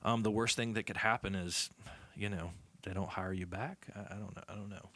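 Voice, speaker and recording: A man's voice: on the low side, steady tone, fairly quick, bright, forceful tone. A man who is a guest musician, talking in a casual podcast conversation and telling stories in a reflective way. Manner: reflective, storytelling.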